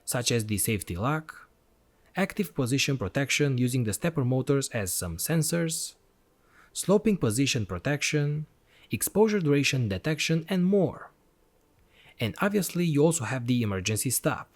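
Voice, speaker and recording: Male host, tech review voice-over: eager, explanatory, animated pitch, mid-range voice. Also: moderate pace. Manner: enthusiastic, explanatory step-by-step. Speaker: electronics channel host.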